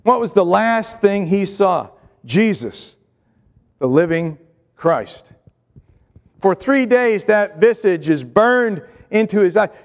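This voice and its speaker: A man's voice: sits high, animated, slow pace, long pauses. A man preaching a sermon to a congregation, earnest and repetitive, asking rhetorical questions. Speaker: pastor. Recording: long hall reverb.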